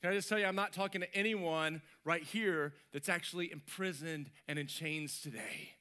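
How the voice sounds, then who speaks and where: A man preaching a sermon as pastor, animated and lively, acting out little voices and sound effects. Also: on the high side, normal speed. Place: church stage.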